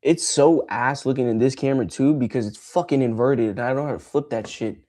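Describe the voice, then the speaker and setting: A man's voice: medium pitch, fairly quick, dark tone. A man ranting on a casual livestream, frustrated and swearing freely as he rambles. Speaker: streamer.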